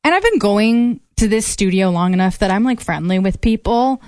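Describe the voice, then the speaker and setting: A woman's voice: mid-range voice, normal speed, darkish tone, no room sound, studio quality. A young woman co-hosting a radio show, chatting casually and telling a story with easy laughs. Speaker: radio co-host.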